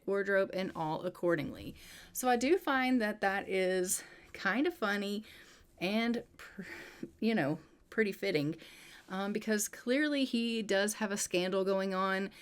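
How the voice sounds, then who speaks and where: A woman hosting her own life-sim game series and narrating as she plays. She is chatty and loose, with frequent fillers and restarts. Her voice sits at a typical middle pitch. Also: measured pace, smooth. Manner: chatty, many fillers like "you know" and "um". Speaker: gameplay host. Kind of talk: casual gameplay narration.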